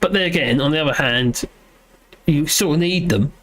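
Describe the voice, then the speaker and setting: Man, fairly high voice, casual livestream host, rambling, self-deprecating, filler-heavy. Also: normal speed, fairly bright tone. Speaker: livestream host reading chat. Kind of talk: casual live chat. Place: at home.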